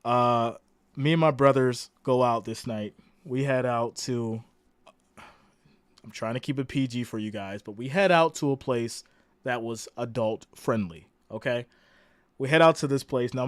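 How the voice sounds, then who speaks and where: A man's voice: mid-range voice, clean tone, dry recording, clean studio sound. A man in his thirties hosting a casual football reaction livestream, chatty and laid-back, repeating lines for emphasis. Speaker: livestream host.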